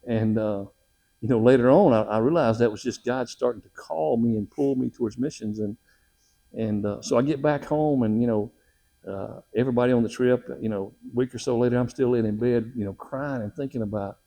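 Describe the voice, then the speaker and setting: A man's voice: mid-range voice, a little fast, warm tone. A middle-aged man, a missionary, telling a personal testimony in a folksy, emotional way with frequent laughs.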